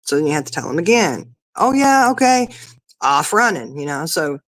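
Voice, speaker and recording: A woman's voice: deep voice, lively intonation, fairly quick, fairly bright tone, no room sound. Chatty woman in her fifties. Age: 50s. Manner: chatty, rambling storyteller. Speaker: podcast guest or co-host. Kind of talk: casual chat.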